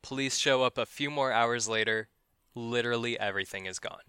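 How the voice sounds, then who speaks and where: A man's voice: medium pitch, fairly quick, pushed and bright, clean tone, no echo. A man hosting a podcast, telling a true-crime story as casual chat, profane and wry, chuckling at grim details.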